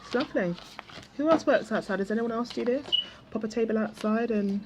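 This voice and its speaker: A woman's voice: on the high side, fairly quick, noisy background. Chatty woman crafting outdoors. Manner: chatty, self-mocking asides to viewers. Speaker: craft vlogger. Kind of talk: casual chatty crafting vlog. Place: outdoors at a table.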